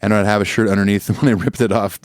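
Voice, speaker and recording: A man with a lowish voice co-hosts a casual podcast, reading listener mail in a relaxed, offhand way. He drops a casual swear now and then. The recording is dry and close, with no room sound. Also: fast, no echo. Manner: laid-back, swears casually. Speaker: podcast co-host.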